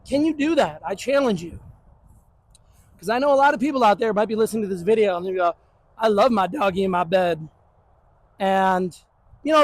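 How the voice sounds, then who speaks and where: A man's voice: high-pitched, rough recording. A man who trains dogs, explaining in a blunt, joking, casual way. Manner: blunt and joking, puts on the dog's voice. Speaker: dog trainer. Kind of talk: casual teaching talk.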